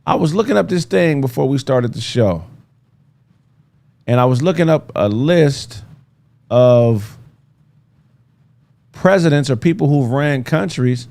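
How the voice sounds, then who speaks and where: A man's voice: medium pitch, expressive, measured pace, creaky, long pauses, darkish tone. A man hosting a casual podcast, talking loosely and joking as he reads out facts. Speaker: podcast host. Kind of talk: casual chat.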